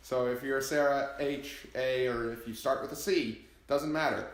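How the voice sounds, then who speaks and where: A man's voice: mid-range voice, fairly even intonation, normal speed. A man co-hosting a casual podcast, leading the segments with joking banter. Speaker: podcast co-host. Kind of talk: casual chat. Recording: roomy echo.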